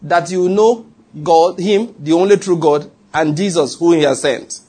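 A man's voice: a little high, measured pace, mellow, slightly rough. A man preaching a sermon, teaching with emphatic repetition and reading scripture aloud.

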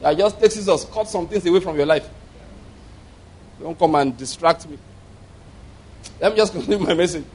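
Guy preaching, slightly higher voice, emphatic, tells stories and chuckles a lot. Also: normal speed, long pauses, darkish tone, breathy edge, poor audio. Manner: emphatic, storytelling, chuckles often. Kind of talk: sermon.

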